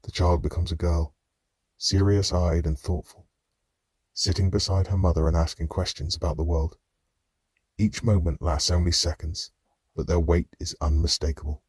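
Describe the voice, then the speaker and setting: Male audiobook narrator, very low husky voice, measured and somber, dry close-miked booth. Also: little pitch movement, a little mellow, no room sound. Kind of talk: scripted first-person narration.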